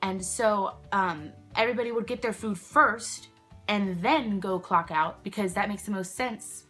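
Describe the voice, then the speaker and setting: A young woman chats to her own camera at home, telling a workplace story in a loose, rambling way. She sidetracks often and pads her sentences with fillers. Her pitch sits in the middle of the female range. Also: measured pace, fairly bright tone, soft background music. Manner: rambling, chatty, many "like" fillers, self-interrupting. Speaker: vlogger. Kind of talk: casual storytime chat. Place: indoors at home, candles nearby. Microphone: camera she films herself with.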